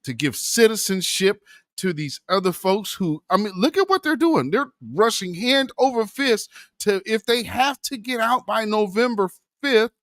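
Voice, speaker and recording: A man's voice: high-pitched, animated, moderate pace, a bit bright, no room sound, clean studio sound. A man hosting a political commentary vlog, impassioned and preachy, calling his viewers family and brother. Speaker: commentary channel host.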